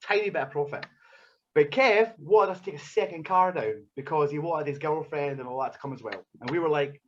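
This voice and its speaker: A man's voice: fairly high pitch, quick pace, muffled recording, a little hiss or hum. A man, a wrestler, tells a profane anecdote on a podcast, swearing freely and acting out the scenes. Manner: swears a lot, acts out scenes, animated storyteller. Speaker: wrestler telling a story as a podcast guest.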